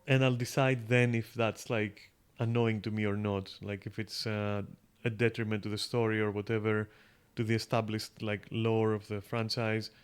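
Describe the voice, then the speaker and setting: A man's voice: lowish voice, level tone, moderate pace, clean tone. A man streaming a game, thinking aloud in loose, rambling talk full of fillers and casual swearing. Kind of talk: casual gameplay commentary.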